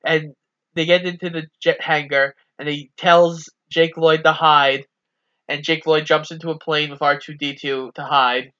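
A man's voice: fairly high pitch, little pitch movement, a little slow, pushed and bright, muffled recording. A man co-hosting a casual movie recap, easygoing as he walks through the plot. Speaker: podcast co-host.

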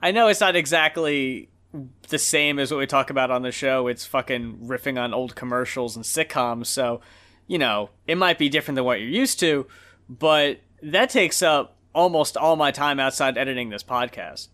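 A man's voice: medium pitch, normal speed, pushed and bright. A man co-hosting a podcast, chatting casually with loose, profane storytelling. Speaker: podcast co-host.

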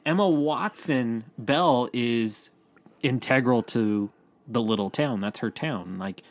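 Man, podcast co-host, casual chat, mid-pitched, restarts sentences, dry sound. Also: no room sound. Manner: chatty, quick to restart sentences. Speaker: podcast co-host, entertainment news editor.

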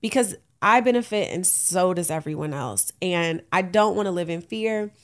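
A woman in her late thirties hosts a casual solo podcast in a fairly low voice at a normal speed. She speaks African American Vernacular English and sounds candid and uplifting, laughing often.

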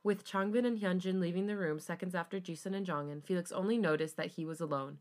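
A woman's voice: lowish voice, fairly even intonation, fast talker. A young woman hosting a podcast, reading fanfiction aloud casually and breaking off for asides to her co-host.

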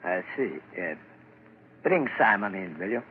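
A man playing a composed doctor at a mental ward, measured and explanatory, in 1940s radio acting. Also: lowish voice, big pitch swings. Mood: inquiring. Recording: dull old radio recording, faint hiss.

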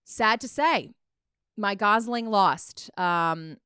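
An upbeat woman with a New York accent co-hosts a casual podcast and reads out poll results between chatter. Her voice is smooth and resonant. She is recorded close and dry. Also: medium pitch, takes it slowly, pushed and bright, no room sound. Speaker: podcast co-host. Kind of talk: casual chat.

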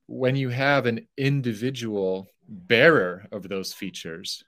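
A man's voice: mid-range voice, steady tone, slow, a bit bright, no echo, clean studio sound. A man on a podcast as a guest, explaining philosophy carefully and correcting himself as he goes.

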